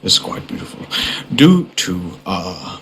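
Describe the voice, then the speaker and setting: A man's voice: deep voice, sing-song, slow, a bit bright, a little hiss or hum, exaggerated voice. A man putting on a pompous nature-documentary narrator voice in voice chat, speaking with mock-solemn gravity. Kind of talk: voice chat role-play.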